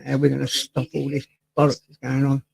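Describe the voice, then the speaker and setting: A man's voice: mid-range voice, completely flat delivery, fairly quick, creaky, a little mellow, slightly rough, poor audio. An English man hosting a casual live stream from home, greeting viewers by name and reading the chat aloud, sometimes drifting away from his desk mic. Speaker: livestream host. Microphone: desk mic, sometimes off-axis.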